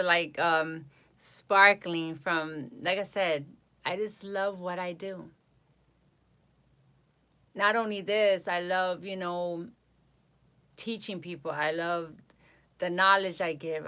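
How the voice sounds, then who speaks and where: A woman from New York talks casually to her live-stream viewers, repeating phrases and stumbling over names. Her voice sits a little low but has a bright, forceful edge. The New York accent comes through plainly. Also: clear, resonant tone. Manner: chatty, repeats herself, reads viewer names aloud. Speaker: psychic livestream host.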